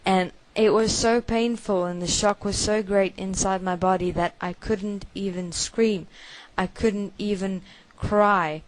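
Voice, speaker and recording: A woman giving a first-person spoken confession, halting and hushed, with many repetitions. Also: mid-range voice, steady tone, poor audio.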